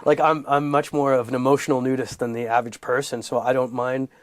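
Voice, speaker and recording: A man raised in Los Angeles, a comedian guest telling stories with animated, punchy comic emphasis in a candid interview. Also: mid-range voice, fast talker, no room sound. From United States, raised in Los Angeles.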